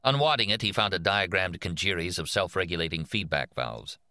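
A man narrating an audiobook in a measured, expressive reading voice. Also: deep voice, no echo, studio quality.

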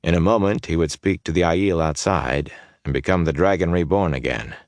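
A man narrating a fantasy audiobook in a measured, steady storytelling way. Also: low-pitched, dry recording.

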